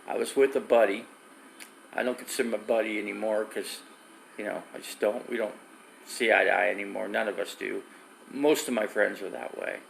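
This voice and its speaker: A man's voice: on the low side, steady tone, brisk, creaky, a little hiss or hum, poor audio. A middle-aged man live streaming from his phone, rambling through stories and reading viewer comments. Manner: rambling storyteller with restarts, reads viewer comments.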